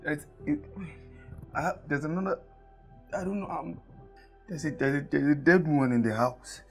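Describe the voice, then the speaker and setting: A man's voice: fairly high pitch, normal speed, soft background music, natural voice. An actor playing a distraught man who stammers and repeats himself as he begs his brother for help. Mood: panicked. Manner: stammering, repeating words in panic. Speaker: man who found a dead woman at home. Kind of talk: film drama acting.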